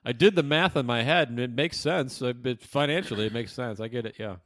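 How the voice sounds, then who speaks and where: A man's voice: medium pitch, fairly quick, a bit bright, dry recording, clean studio sound. A middle-aged man co-hosting a casual podcast chat, telling stories with acted-out quotes and plenty of swearing. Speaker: podcast co-host.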